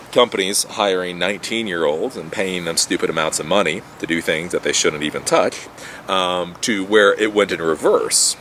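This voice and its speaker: A man's voice: low voice, fairly bright tone, slight background noise. A man telling a personal story in a casual, rambling monologue, repeating words and swearing when annoyed. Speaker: vlogger telling his life story.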